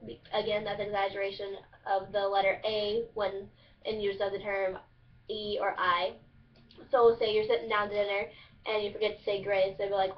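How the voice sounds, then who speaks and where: A woman's voice: medium pitch, steady tone, normal speed. A young woman from Southern Illinois explaining a dialect for a class project, in a casual, chatty way with many fillers. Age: young adult. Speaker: student presenter. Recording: distant, muffled lo-fi recording.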